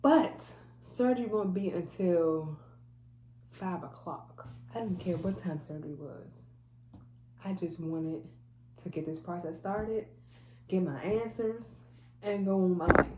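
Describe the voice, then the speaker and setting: A woman's voice: fairly low pitch, measured pace, mellow, reverberant, a little hiss or hum. A woman telling a personal faith testimony in a casual, emphatic way, repeating phrases and restarting often. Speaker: mother sharing a faith testimony.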